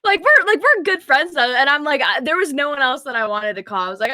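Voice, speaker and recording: A young woman co-hosting a podcast, telling a long story in a rambling, filler-heavy, animated way. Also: high voice, fast, dry recording. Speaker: podcast co-host. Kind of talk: casual storytelling chat.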